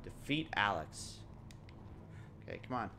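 A man's voice: lowish voice, sing-song, unhurried, noisy background. A young man giving casual, joking let's-play commentary, laughing often and mimicking characters. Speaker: gaming commentator.

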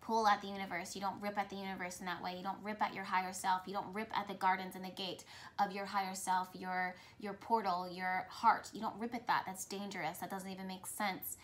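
A woman's voice: mid-range voice, little pitch movement, fairly quick, a bit bright, slight background noise. A woman speaking directly to her viewers as a spiritual reader, talking in a flowing, repetitive, earnest way. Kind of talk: intuitive message talk to camera.

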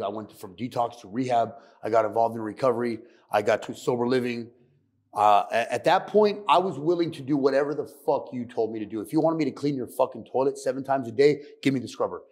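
A man's voice: medium pitch, a little mellow. A middle-aged man telling his addiction recovery story on a podcast, blunt and profane. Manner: blunt, profane, fast and intense. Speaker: guest sharing recovery story.

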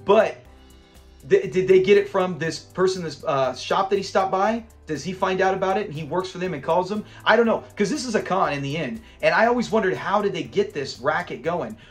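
Brief: male host, fairly high voice, lively recap with quoted lines, faint music under. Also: brisk. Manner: animated retelling, acts out quotes, laughs often. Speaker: show review channel host. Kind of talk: casual episode commentary.

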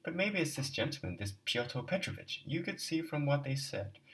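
A calm, knowing doctor, as a man reads him, measured and insistent. His voice rides a little higher than the reader's own and sits back from the mic. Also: recorded from a distance. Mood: concerned.

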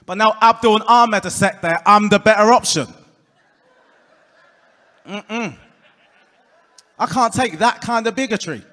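A high-pitched, bright-toned man with an Essex accent performs stand-up on a club stage. He lands punchlines deadpan and chats with the crowd. The room carries a long, roomy reverb. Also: measured pace, pauses often. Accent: Essex English. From England. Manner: deadpan punchlines, crowd work, puts on voices for quoted people. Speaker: stand-up comedian. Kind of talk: stand-up comedy set. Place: comedy club stage before a live audience.

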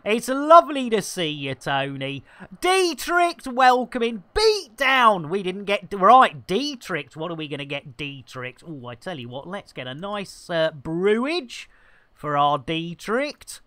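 A man hosts a game livestream with playful, cheeky innuendo. His voice swoops about with bright tone and a slow, unhurried pace. The sound is dry and close. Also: sits high, big pitch swings, no echo. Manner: playful innuendo-laden banter. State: slight frog in the throat. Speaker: game streamer. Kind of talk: livestream commentary.

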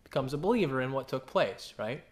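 A man preaching a sermon, animated and full of questions he answers himself, sometimes acting out voices. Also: a little fast. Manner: animated, acts out quoted voices with big pitch jumps; asks the congregation questions and answers them. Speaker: pastor.

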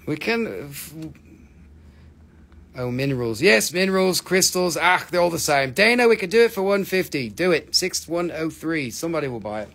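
At normal speed, a man with a fairly high, creaky voice sells minerals on a live stream. He's animated and excited, reading chat comments aloud and breaking into excited shouts.

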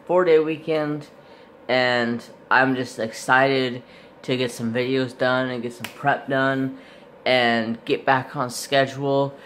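Male craft host, unhurried and rambling, a bit stuffy from a recent cold. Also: medium pitch, fairly even intonation, fairly bright tone, a little hiss or hum. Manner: rambling, chatty, lots of fillers and self-corrections. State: slightly stuffy, recovering from illness. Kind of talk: casual unboxing vlog.

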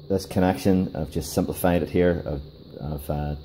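A man giving a casual hands-on workshop demonstration, talking in a halting way with many fillers and restarts. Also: sits low, steady tone, dark tone, a little hiss or hum, rough recording. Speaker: DIY car repair video host.

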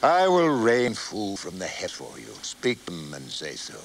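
A man voicing the Lord as a solemn divine voice, speaking low, hushed and grave. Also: wildly swooping pitch, moderate pace, creaky, slight background noise, heavily acted.

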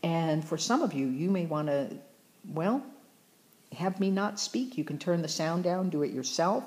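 In this recorded math lesson, a woman teacher explains fractions in a chatty, encouraging manner and often corrects herself mid-sentence. Her voice sits on the low side, with a darkish tone, and she speaks expressively and without hurry.

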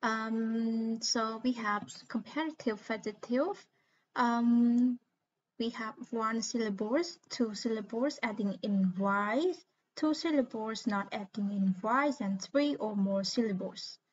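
Slow-spoken woman teaching English grammar. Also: a little high, slight background noise. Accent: Khmer. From Cambodia. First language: Khmer. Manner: patient step-by-step explaining, spelling out letters. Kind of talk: recorded grammar lesson. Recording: slightly muffled lo-fi recording.

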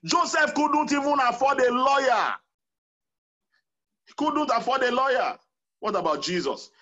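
A man's voice: high-pitched, a bit bright, dull audio. A man preaching a sermon as pastor, emphatic and counting off numbered points.

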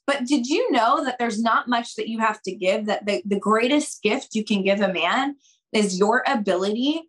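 A young adult woman on a podcast, giving dating advice in an animated, expressive way and acting out quoted conversations. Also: fairly high pitch. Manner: expressive, acts out quoted dialogue, addresses listeners as girls. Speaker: podcast guest, dating coach.

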